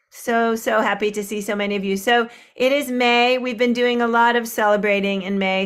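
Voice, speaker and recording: A woman's voice: fairly high pitch, smooth. Woman hosting an online sing-along. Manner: chatty, warm roll call with small asides. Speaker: host of an online group sing. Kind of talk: greeting participants by name on a video call. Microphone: video call.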